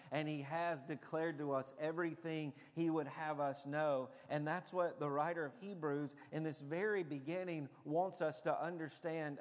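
A man's voice: a little high, long reverb tail. A man preaching a sermon as a pastor, telling stories in a conversational way with frequent fillers.

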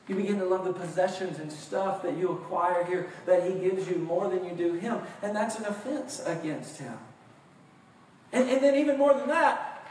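A man preaching a sermon with passion, swinging from hushed tones to shouts and acting out mock voices of his listeners. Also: high voice. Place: church sanctuary. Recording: very echoey room, far from mic, faint noise.

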